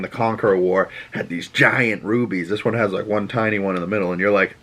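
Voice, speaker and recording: Boston guy with a lowish voice rambling thru a tv recap on his podcast, does little voices for the characters. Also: fairly quick, hardly any pauses. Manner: rambling, animated, quotes characters in put-on voices. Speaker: podcast host. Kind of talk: casual TV episode recap.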